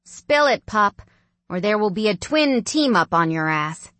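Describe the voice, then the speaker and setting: A woman's voice: on the high side, animated, fairly bright tone, dry recording. Woman voicing a bossy, teasing young woman. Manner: brisk and direct.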